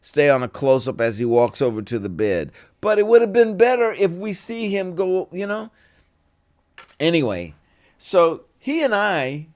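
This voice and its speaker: A man, an actor guest in an interview, telling relaxed anecdotes and acting out the voices of the people in them. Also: a little high. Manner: animated, acts out quoted voices in stories; relaxed and conversational, with "you know" fillers.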